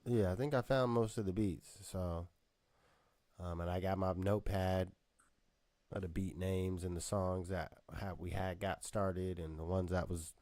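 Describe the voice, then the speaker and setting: Co-host type, low-pitched man, easygoing and rambling, dry close webcam sound. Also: fairly even intonation, a little slow, a little mellow, dry recording. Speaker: podcast co-host and rapper. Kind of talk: casual chat on a live video call. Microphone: webcam video call.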